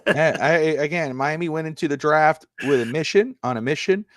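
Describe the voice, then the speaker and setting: A man's voice: fairly high pitch, animated, brisk, dry recording. Male co-host, casual sports talk, rambling delivery, dry close mic. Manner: rambling, storytelling with repeated fillers. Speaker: podcast co-host. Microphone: live stream microphone.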